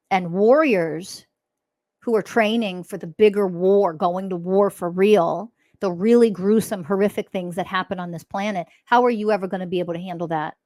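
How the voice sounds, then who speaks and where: A woman's voice: lowish voice, darkish tone, dry recording. A woman hosting a spiritual podcast, talking in a blunt, profane, mocking monologue. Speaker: podcast host.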